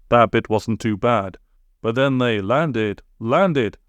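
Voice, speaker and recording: A man's voice: mid-range voice, takes it slowly, smooth, no echo. A man narrating a comic children's story in a playful storybook reading.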